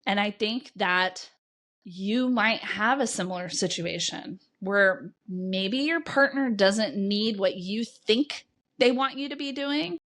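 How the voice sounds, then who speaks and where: A woman's voice: mid-range voice, slow, a bit bright. Woman, podcast host, coach, candid solo talk, blunt, frank, swears freely.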